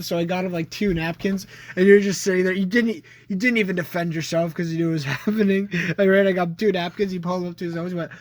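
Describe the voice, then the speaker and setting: A young man chats on a podcast with a fairly high voice. He tells crude, rambling stories and laughs often. His talk is loose and casual. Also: fairly even intonation, fast talker. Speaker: podcast co-host. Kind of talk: casual chat.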